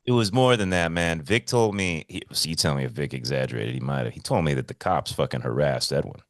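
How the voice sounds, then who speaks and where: A man co-hosting a podcast in casual chat, excitable and swearing freely, swinging between loud bursts and hushed asides. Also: rumbling low, fairly quick, no echo, clean studio sound. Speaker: podcast co-host.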